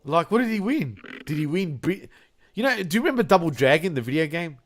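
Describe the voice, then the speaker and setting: A man's voice: fairly high pitch, sing-song, fairly quick. Laughing man who says bro constantly. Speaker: podcast co-host. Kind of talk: casual crude chat.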